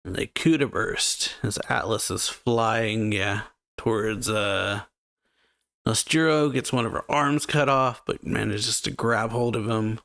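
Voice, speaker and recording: A man's voice: lowish voice, steady tone, a little slow, creaky, a bit bright, no echo. Guy rambling through a manga chapter recap, lots of "like" and "yeah", dry close sound. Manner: rambling, many fillers like "yeah" and "like". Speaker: anime reaction channel host.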